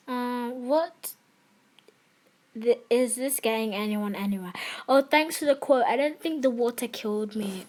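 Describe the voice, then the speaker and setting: A young gamer streamer chats casually and giggles while playing and streaming an online game, chatty and easily excited. Her voice is on the high side, and she takes it slowly.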